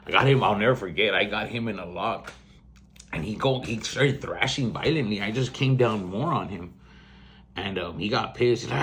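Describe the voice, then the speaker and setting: A man's voice: lowish voice, normal speed, fairly bright tone. A man in his forties hosting a podcast, telling family stories in a rambling, blunt way, swearing freely and laughing mid-story. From South Texas. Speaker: podcast host. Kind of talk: casual storytelling monologue.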